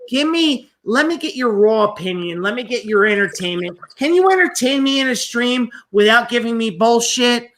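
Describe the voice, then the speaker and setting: A man's voice: very high voice, lively intonation, normal speed, few pauses, a bit bright. A man hosting a casual livestream chat, talking bluntly and swearing freely. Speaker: stream host.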